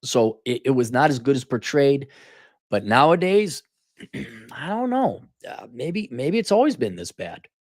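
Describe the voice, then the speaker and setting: A man's voice: mid-range voice, big pitch swings, a little slow, no echo, studio quality. A middle-aged man hosting a livestream, reading out viewer donations and answering them in blunt, profane, sarcastic talk, often slipping into mocking impressions. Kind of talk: casual livestream commentary. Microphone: studio mic in a home room with soundproofing panels.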